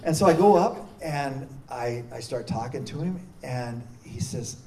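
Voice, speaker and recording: A man who serves as a prison chaplain tells an anecdote in an earnest way, often restarting his sentences. His voice is mellow and relaxed. He is picked up from some distance, with faint noise behind him. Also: medium pitch, measured pace. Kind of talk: storytelling talk.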